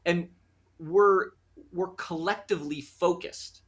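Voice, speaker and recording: An American man, a guest in an interview, explaining his ideas in an animated way and often acting out quoted voices. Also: high-pitched, takes it slowly. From United States. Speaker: guest, conflict resolution practitioner. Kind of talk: conversational interview.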